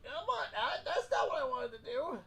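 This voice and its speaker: A young Canadian man streams himself playing, giving casual, jokey commentary and talking to his chat in an excitable way. His voice is very high-pitched, his pace moderate, with a little hiss or hum in the audio.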